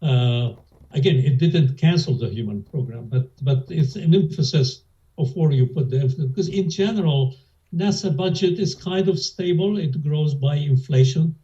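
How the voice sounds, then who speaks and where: A man's voice: on the high side, moderate pace, mellow. An older man, answering oral history interview questions hesitantly, with many fillers and restarts. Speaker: interviewee, former lab director. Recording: dull lo-fi audio.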